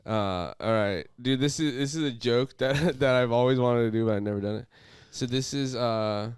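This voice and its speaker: A man's voice: mid-range voice, normal speed, clear, resonant tone, dry recording. A young man co-hosting a podcast, casual chat full of crude joking banter. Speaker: podcast co-host.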